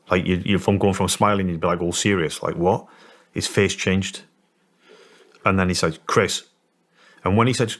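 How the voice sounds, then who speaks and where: Deep-voiced Scottish man telling a story. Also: fairly bright tone. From Scotland. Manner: halting, with many restarts. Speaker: interview guest. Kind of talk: storytelling in an interview.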